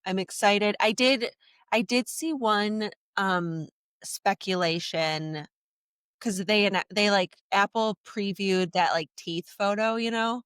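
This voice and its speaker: A woman's voice: mid-range voice, slow pace, fairly bright tone, clean tone, no room sound, clean studio sound. Bubbly, rambling woman co-host. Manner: bubbly, rambling, trails off, laughs while talking. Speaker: podcast co-host. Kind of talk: casual chat.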